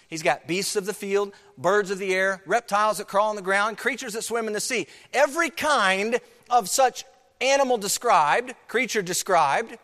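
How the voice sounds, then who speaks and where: A man's voice: high voice, bright, forceful tone, in a large hall. A man preaching a sermon, emphatic, repeating key phrases and asking rhetorical questions.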